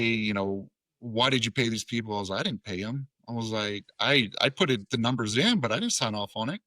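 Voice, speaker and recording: A man's voice: medium pitch, bright, forceful tone, no room sound. A man in his thirties from Tennessee, a podcast guest telling a story in a casual way. He swears freely and acts out what each person said. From Tennessee, USA. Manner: profane, acts out quoted dialogue. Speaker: podcast guest, Air Force veteran.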